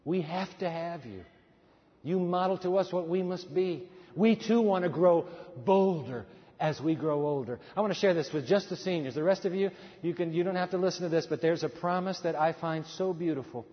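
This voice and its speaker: A man's voice: a little high, moderate pace. Dynamic preacher man in a reverberant hall. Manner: dynamic preaching, swinging from loud to hushed. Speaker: pastor. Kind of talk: sermon. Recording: dull sound in a hall with long reverb.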